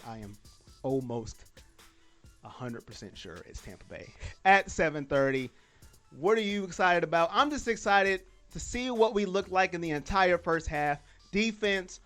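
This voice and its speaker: A man hosts a casual live football podcast, his voice sitting high and bouncing with excitement. He rambles, repeats points, and pokes fun at his own mistakes, with faint music playing underneath. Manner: excitable, self-deprecating, repeats himself. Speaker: podcast host. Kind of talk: casual live sports chat.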